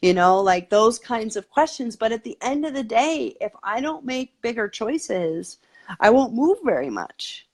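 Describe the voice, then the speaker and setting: A talkative woman guest with a fairly high voice, chatting in a loose, eager way. She fills her sentences with "like" and "you know" as she explains her ideas to an interviewer. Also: big pitch swings, measured pace, a little mellow. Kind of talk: casual conversational interview.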